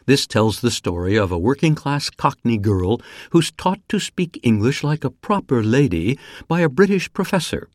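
A man reads a personal essay aloud with a lively, rising and falling voice. His delivery is slow, careful and evenly measured. The recording is dry and close, with no room sound. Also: mid-range voice, no room sound.

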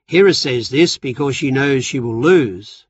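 A man's voice: medium pitch, unhurried, slight background noise, close to an everyday voice. A playful, seductive goddess of love who mocks and coaxes, put on by a man reading a storybook. The sound is dry and slightly dull. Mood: teasing. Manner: mocking, coaxing.

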